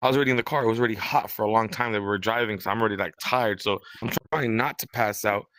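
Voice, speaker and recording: Bright-voiced young man telling a rambling story. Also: on the low side, racing, no room sound. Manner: rambling, profane, animated quoting of others. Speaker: podcast host. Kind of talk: casual storytelling chat.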